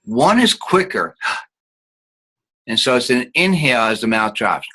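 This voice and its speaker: A man's voice: medium pitch, very animated, a little slow, pushed and bright, breathy edge, rough recording. A man teaching an online acting class, guiding students patiently and showing each sound with hums.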